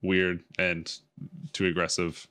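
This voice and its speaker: A man's voice: sits low, completely flat delivery, takes it slowly, bright, forceful tone. A man co-hosting a casual movie podcast, telling stories with wry jokes. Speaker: podcast co-host.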